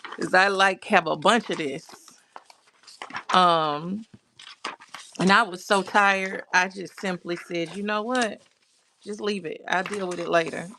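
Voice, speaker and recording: A woman's voice: fairly low pitch, fairly even intonation, slow pace, long pauses, pushed and bright, a little hiss or hum. A woman hosting a casual crafting livestream, greeting viewers by name, reading their comments aloud and talking herself through her work. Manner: talks to herself while working on crafts.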